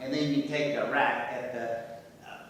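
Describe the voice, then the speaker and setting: A man plays a self-doubting writer who sighs and mocks himself in a dry, wry tone. His voice sits at a middle pitch and comes from far across a stage, with a long echo from the hall. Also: unhurried, a bit bright, a little hiss or hum, natural voice. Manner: wry, sighing, self-deprecating. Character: self-doubting male writer, husband, ex-Army. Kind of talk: amateur stage comedy acting. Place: theatre stage.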